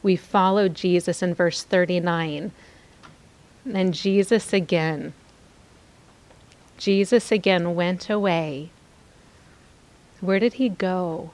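A woman's voice: lowish voice, fairly even intonation, slow pace, pauses often, a little mellow. Earnest woman exhorting with repeated phrases. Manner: candid, confiding asides. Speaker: podcast host teaching scripture. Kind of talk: devotional teaching.

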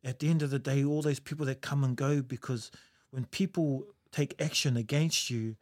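A man's voice: mid-range voice, steady tone, normal speed, a little mellow. A New Zealand man telling stories in a casual chat, reflective, laughing often and using Maori words.

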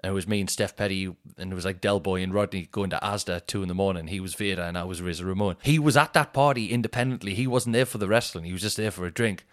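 A man's voice: low voice, fast talker, few pauses. A man in his thirties with a Northeast English accent, a comedian and podcast host telling stories casually, rambling and restarting often. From Northeast England. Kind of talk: casual storytelling.

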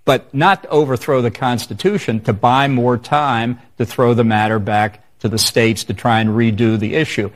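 A man answering questions in a televised interview, speaking in a measured, assertive, argumentative way. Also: mid-range voice. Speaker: interview guest.

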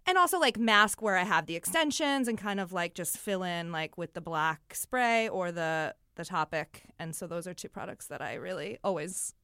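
Young woman co-host, rather low and smooth, easygoing and hesitant. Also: moderate pace, hardly any pauses, bright, forceful tone, no room sound, clean studio sound. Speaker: podcast co-host. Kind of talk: casual beauty chat.

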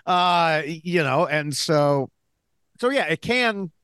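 A man co-hosting a podcast, building his points in short, halting bursts. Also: on the high side, animated, fairly bright tone, clean tone, no echo, studio quality. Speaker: podcast co-host. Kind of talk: casual discussion.

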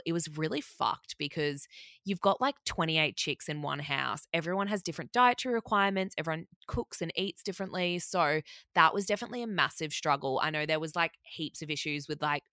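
Chatty young woman, bright and dry. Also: low-pitched, fairly quick, no room sound. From Australia. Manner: chatty, swears a lot, many fillers. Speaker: former reality show contestant. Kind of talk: casual storytelling.

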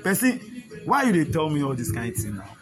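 A man's voice: fairly high pitch, wildly swooping pitch, fairly quick. A man with a Nigerian accent speaking emotionally and repetitively in street talk, pleading with his listeners. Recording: loud music behind the voice. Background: music.

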